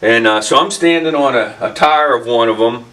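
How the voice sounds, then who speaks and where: A man's voice: mid-range voice, normal speed, sharp tone, recorded from a distance. A man hosting a casual vlog, telling a story in a rambling way with many fillers and restarts in his workshop. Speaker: channel host.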